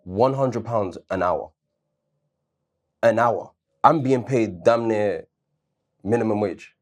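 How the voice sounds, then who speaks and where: A man's voice: fairly low pitch, slow, darkish tone. A man co-hosting a casual debate show, arguing his point earnestly and backing it with questions and personal stories. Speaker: co-host.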